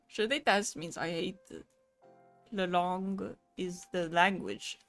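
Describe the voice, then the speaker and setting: A woman's voice: medium pitch, unhurried, soft background music. A woman chatting casually on a live stream, laughing often, swearing now and then and switching between languages.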